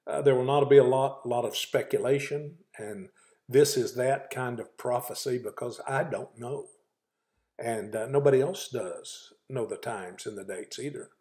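A man hosting a daily devotional as a pastor, earnest and folksy, with frequent fillers and slow, emphatic scripture reading. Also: medium pitch, a little mellow. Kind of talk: devotional talk.

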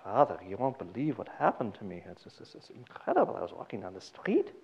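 A man's voice: fairly low pitch, wildly swooping pitch, quick pace, vocal fry, darkish tone, husky, dull audio, pitched below the performer's own voice, heavily acted. A man voicing a giddy older Polish man in confession, stammering and repeating himself.

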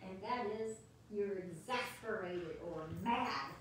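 A woman giving a playful lesson for children with her dogs, animated and full of praise, laughing often. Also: medium pitch, slow pace, slight background noise. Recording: very echoey room, distant mic.

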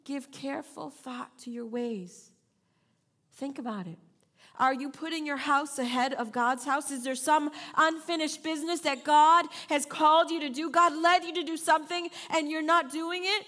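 Bright, high-voiced woman preaching. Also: fairly even intonation, moderate pace. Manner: emphatic and repetitive, with playful asides. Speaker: pastor. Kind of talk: sermon.

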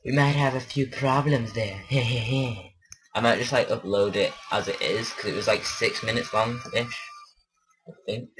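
A let's play host with a mid-range voice and fairly even intonation talks at a measured pace over a noisy background. His commentary while gaming rambles and mumbles, sounds self-conscious and unsure, and often loses its thread.

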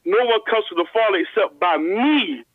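A man on a call-in radio show, explaining and reading scripture slowly with emphasis, stumbling into frequent restarts. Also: sits high, lively intonation, dry recording. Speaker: guest Bible teacher. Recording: phone line audio.

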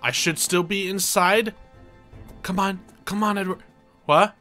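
A man giving excitable let's play commentary, reading game dialogue aloud and yelping when things go wrong. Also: high-pitched, a little slow, pauses often, soft background music. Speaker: gaming video creator.

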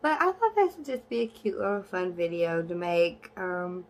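A young woman vlogging in a casual, blunt and sassy way, cursing freely, with her voice jumping high when she is exasperated. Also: very animated, moderate pace. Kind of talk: casual talk to camera.

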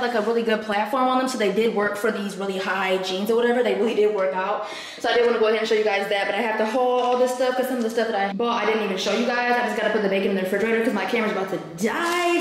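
Young woman, casual vlogger, chatty and sassy, bright forceful voice, echoey room, faint hiss. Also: medium pitch. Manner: chatty, sassy, animated when quoting people. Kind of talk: casual storytelling vlog.

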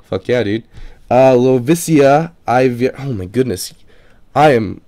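A man's voice: medium pitch, animated, slow, dark tone. A man casually reading viewer comments aloud for his gaming channel. He swears freely and trips over unfamiliar names. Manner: loose and profane, swears casually. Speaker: gaming video creator.

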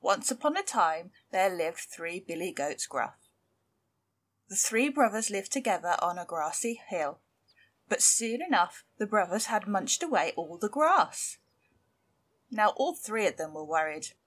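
A woman's voice: mid-range voice, unhurried. Woman reading a storybook aloud. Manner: lively, expressive storytelling. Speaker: library storyteller.

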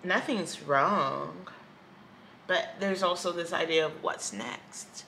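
A woman's voice: on the low side, slow pace, gravelly, sharp tone, slight background noise. A woman vlogging candidly at home by a window, talking in a reflective, rambling and hesitant way. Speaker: YouTuber. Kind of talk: candid personal vlog. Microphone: camera.

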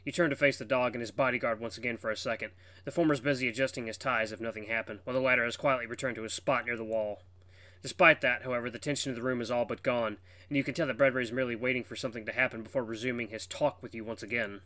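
A man reading a visual novel's second-person narration with brisk, lively storytelling. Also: mid-range voice, no room sound.

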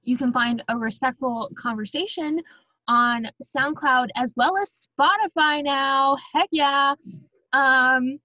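A woman's voice: high-pitched, takes it slowly, sharp tone, no echo. A woman hosting a podcast, chatting in a bubbly, rambling way with many ums as she wraps up the episode. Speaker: podcast host. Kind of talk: casual chat, sign-off.

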